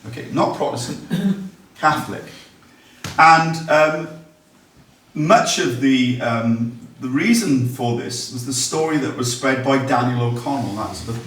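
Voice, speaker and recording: A man's voice: medium pitch, unhurried, fairly bright tone, slight background noise. A man gives a public history talk in a large, very echoey room, heard from some distance away from the mic. His delivery is conversational, with ums and restarts, and he reads quotations aloud now and then. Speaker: local history speaker.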